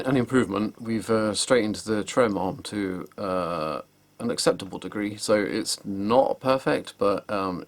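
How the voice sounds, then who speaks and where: A man giving casual, wry workshop commentary as he sets up a guitar, hesitating often and sounding exasperated, recorded on a camera microphone in an indoor workshop. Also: on the low side. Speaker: guitar repairer.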